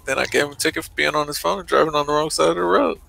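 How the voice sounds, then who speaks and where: A man's voice: on the high side, very fast, gravelly, bright, forceful tone, faint music behind. A man role-playing a police officer in a game, exasperated and swearing as he rambles through his story. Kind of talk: in-character game roleplay.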